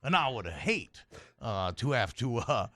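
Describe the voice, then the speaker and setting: A man voicing a pushy, overly polite drawling gentleman who pleads in florid phrases full of stammered fillers. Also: mid-range voice, sing-song, unhurried. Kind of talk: tabletop role-play.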